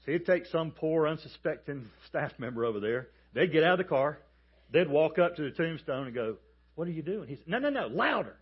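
A man preaching a sermon as a pastor, emphatic and animated as he tells a story. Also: on the high side, a little fast, breathy edge, dull audio. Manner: emphatic, animated storytelling with calls for the congregation to repeat.

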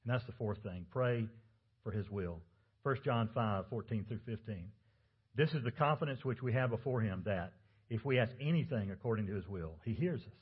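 A man's voice: fairly low pitch, animated, moderate pace, slightly rough, phone-quality sound. A man preaching a sermon as pastor, talking conversationally and asking the congregation rhetorical questions.

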